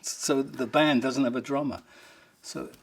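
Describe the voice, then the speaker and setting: A man's voice: mid-range voice, fairly even intonation, unhurried. Man telling rambling, amused anecdotes. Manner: rambling, amused, breaks into laughter, fond of the subject. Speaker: rock guitarist telling stories. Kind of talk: anecdotal storytelling in an interview.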